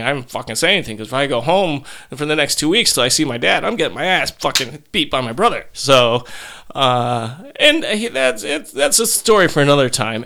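Male, 30s, profane animated storyteller, bright and crisp. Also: mid-range voice. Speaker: podcast guest. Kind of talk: casual storytelling.

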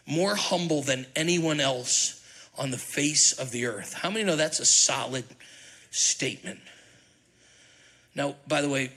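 A middle-aged lead pastor preaches with animated, humorous storytelling and puts questions to the congregation. His mid-range voice has a breathy edge, and the recording is low quality.

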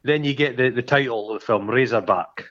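A man co-hosting a film podcast, retelling scenes in a rambling, sweary, animated way. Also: medium pitch, brisk, dull audio. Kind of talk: casual chat.

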